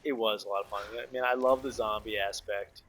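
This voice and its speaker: A man co-hosting a casual comic book podcast, retelling story scenes in a relaxed way. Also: lowish voice, fairly quick. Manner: relaxed storytelling, quoting characters. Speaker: podcast co-host.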